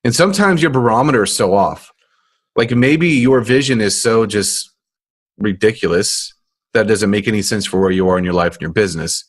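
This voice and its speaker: A man's voice: fairly low pitch, normal speed. A man co-hosting a business podcast, chatting casually with easygoing, teasing banter. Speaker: podcast co-host.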